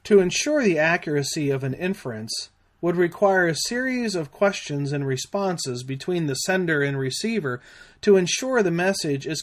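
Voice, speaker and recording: A man narrating a scripted safety lesson in a measured, deliberate way. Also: fairly high pitch. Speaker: safety trainer.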